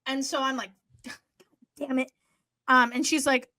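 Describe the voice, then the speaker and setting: Young woman, bright voice, dry close sound, animated swearing storyteller, casual podcast chat. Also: high voice, normal speed, no room sound. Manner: animated, swears freely, acts out quotes. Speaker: podcast co-host.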